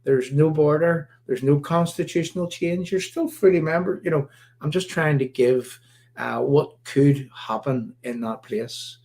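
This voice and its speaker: A man from Ireland, hosting a political commentary livestream in an emphatic, repetitive, halting way. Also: fairly high pitch, a little mellow. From Northern Ireland. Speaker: livestream host.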